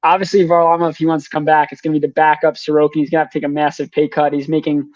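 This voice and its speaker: A young man, a hockey reporter, rattling off names and contract figures in quick sports analysis. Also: on the high side, level tone, dry recording, lo-fi sound. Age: young adult. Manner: rapid, rattles off names and numbers.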